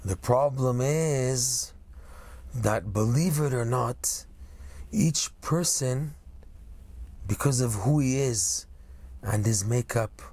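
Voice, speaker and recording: A man's voice: medium pitch, darkish tone, slightly rough, no echo. A man teaching a religious lesson, explaining ideas step by step and checking in with "right?" and "okay?". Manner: explanatory, stretches key words slowly, asks "okay?" and "right?". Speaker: rabbi teaching Torah lesson.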